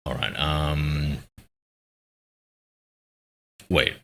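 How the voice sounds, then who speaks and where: A man chatting with viewers on a game stream in a low voice with a bright, forward edge. He rambles and pokes fun at himself as he reads their messages aloud. His voice comes through a streaming mic with noise suppression. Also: flat delivery, slow, vocal fry. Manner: rambling, self-deprecating, reads chat aloud. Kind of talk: casual live-stream chat. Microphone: streaming mic with noise suppression filter.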